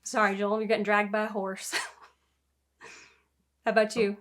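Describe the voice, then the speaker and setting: A woman's voice: medium pitch, level tone, measured pace. A woman co-hosting a casual review chat, playful and laughing often. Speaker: podcast co-host.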